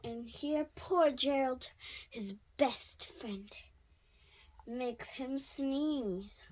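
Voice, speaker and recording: Woman, mom reading a picture book aloud, playful, very slow, high lively voice. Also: slight background noise. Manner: animated, playful. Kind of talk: children's read-aloud.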